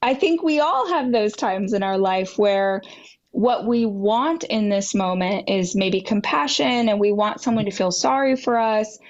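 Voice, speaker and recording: A woman guest on a podcast telling a personal story with animated delivery, acting out dialogue with big jumps in pitch. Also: highs cut off. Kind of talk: candid storytelling in a podcast interview.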